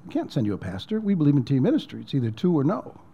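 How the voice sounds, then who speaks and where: A man's voice: on the high side, huge pitch swings, racing, breathy edge, lo-fi sound. A man preaching as a pastor in a conversational storytelling way, repeating words and dropping almost to a whisper at emotional points. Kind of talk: sermon storytelling.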